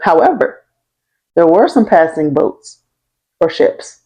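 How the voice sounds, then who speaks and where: Chatty young woman, low voice, slangy storyteller. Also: very animated, slow, muffled recording. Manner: chatty and slangy, often checking in with "right?" and "okay?"; laughs through the telling. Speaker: history vlogger. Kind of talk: casual storytelling.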